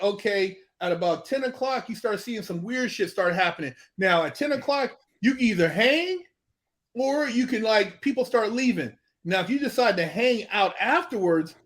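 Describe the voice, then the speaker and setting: High-voiced man telling animated, profane stories. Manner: animated storytelling, profane, acts out quoted dialogue. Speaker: guest. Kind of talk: casual podcast conversation.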